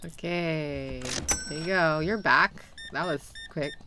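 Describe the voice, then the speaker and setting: A woman's voice: low-pitched, slow pace, background noise. A young woman streaming a game, chatting animatedly with her viewers and laughing often. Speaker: VTuber streamer. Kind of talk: casual gameplay commentary.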